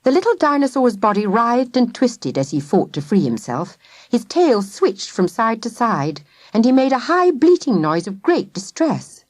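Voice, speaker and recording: Woman narrator, animated storybook reading, dry close mic. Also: on the high side, normal speed, no echo. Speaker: audiobook narrator.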